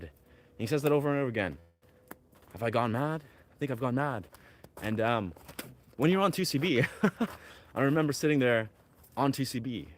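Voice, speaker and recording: A man speaks outdoors among pine trees, drifting from thought to thought in a dreamy, filler-heavy ramble. His voice sits at an ordinary middle pitch. Faint outdoor ambience hums behind him. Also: slight background noise. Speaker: vlogger. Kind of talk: rambling outdoor vlog talk.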